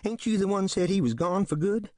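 A man voicing a nervous rural man who complains in rough dialect. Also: sits high, a little fast, warm tone, no echo, studio quality, pitched above the performer's own voice, natural voice.

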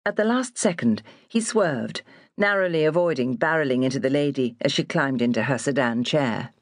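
A woman reading an audiobook aloud in an expressive storytelling style. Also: very deep voice, moderate pace, no echo, clean studio sound. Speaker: audiobook narrator. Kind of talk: scripted narration.

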